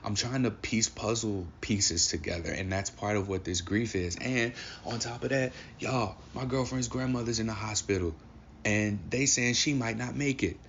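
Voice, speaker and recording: A man's voice: lowish voice, moderate pace, a bit bright, highs cut off, a little hiss or hum. A man in his thirties hosting a solo podcast, talking about grief in an emotional, reflective way and swearing casually. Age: 30s. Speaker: podcast host. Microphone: audio-only recording.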